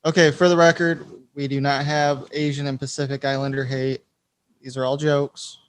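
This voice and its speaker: A man's voice: mid-range voice, level tone, smooth. A man co-hosting a casual podcast, speaking hesitantly with frequent ums and restarts. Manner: hesitant, stammers, fills pauses with um. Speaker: podcast co-host. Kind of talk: casual banter.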